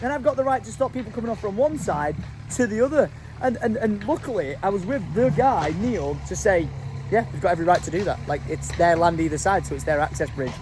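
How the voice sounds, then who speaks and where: A man, retelling a run-in with a neighbour outdoors, indignant and animated. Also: high voice, fast. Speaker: vlog companion. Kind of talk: casual storytelling chat. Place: outdoors by a canal. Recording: outdoor mic with strong background noise.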